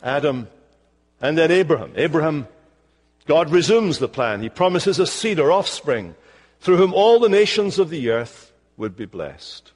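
An older man with a Scottish accent preaches a sermon. His voice rides up and down with lively swings, and he slows right down to stress his point. A long reverb from the church sanctuary trails each phrase. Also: a little high. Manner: expressive preaching, slowing for emphasis. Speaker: pastor.

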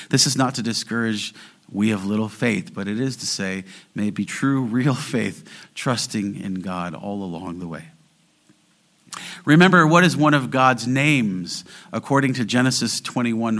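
A man preaching a sermon in an earnest way, slowing down and rising in volume to stress key phrases. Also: lowish voice, fairly bright tone. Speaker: pastor.

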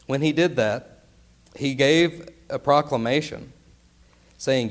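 An earnest male preacher delivering a sermon with plenty of emphasis, leaning into key words. He keeps checking in with his listeners through rhetorical questions, at an ordinary pitch for a man. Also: takes it slowly, pauses often.

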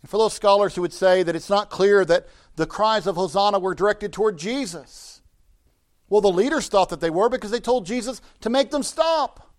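A middle-aged pastor with a fairly high voice preaches from the pulpit. He builds to emphatic, ringing declarations, then lets his phrases sink low and quiet. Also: moderate pace. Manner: rising to emphatic preaching, dropping low and soft at phrase ends. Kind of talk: sermon.

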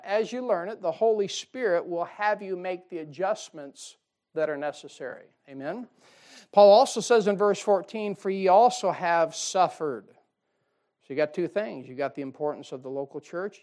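A middle-aged man delivers a sermon as a pastor. He keeps it conversational and folksy, tossing in asides and little laughs as he moves through scripture. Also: high voice.

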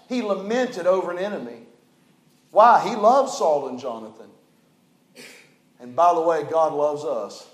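A man preaching a sermon as pastor, fervent and folksy, swinging from loud declarations to hushed, low passages. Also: reverberant. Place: church sanctuary.

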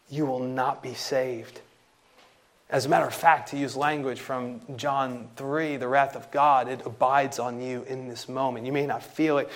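A man preaching an expository sermon, emphatic, slowing down and rising in pitch on key phrases. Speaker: pastor.

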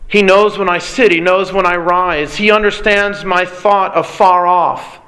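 A man preaching a sermon, earnest and emphatic, building points through repetition and pauses. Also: high voice, steady tone, bright, forceful tone, low-quality recording.

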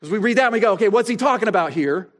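A male pastor preaching a sermon, asking rhetorical questions and pausing for effect, slowing down to stress key phrases. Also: sits high, expressive, fairly bright tone. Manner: expository preaching, rhetorical questions, dramatic pauses.

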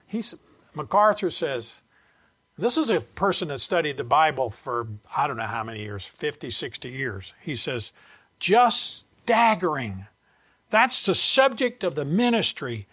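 An older man teaching a Bible lesson from his notes, earnest and slowing down to stress key phrases. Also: a little high, fairly bright tone. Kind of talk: sermon reading from notes.

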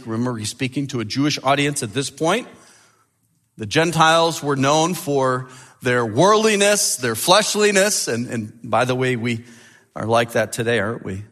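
A man's voice: medium pitch, animated, moderate pace, fairly bright tone. A male pastor preaching a sermon with emphasis, repeating key phrases.

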